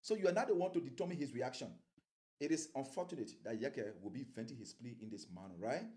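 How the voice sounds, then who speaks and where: A man's voice: mid-range voice, lively intonation, quick pace, a little mellow. A man giving political commentary as an interview guest, rambling and repeating words as he grows heated.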